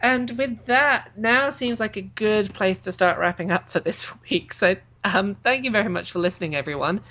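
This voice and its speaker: A woman's voice: medium pitch, normal speed, a bit bright. A woman hosting a podcast who talks casually and laughs easily while chatting with co-hosts. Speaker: podcast host and convention track organizer. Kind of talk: casual chat.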